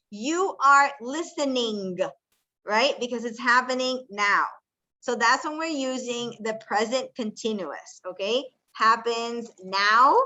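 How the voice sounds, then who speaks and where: A woman's voice: on the high side, pushed and bright. A woman teaching an English class, patiently explaining step by step, switching between English and Spanish, and quizzing her students. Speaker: ESL teacher. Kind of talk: bilingual classroom lesson.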